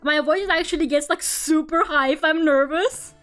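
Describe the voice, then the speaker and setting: Young streamer woman, Russian accent, high voice, rambling chat over faint music. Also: moderate pace, a bit bright. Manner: rambling, laughs often, lots of fillers. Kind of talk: casual chat while drawing on stream.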